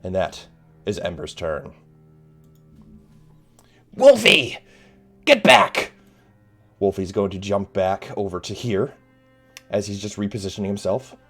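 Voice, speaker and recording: A man's voice: low-pitched, fairly even intonation, normal speed, darkish tone, soft background music. A man narrating a tabletop game as game master, hesitant with many fillers.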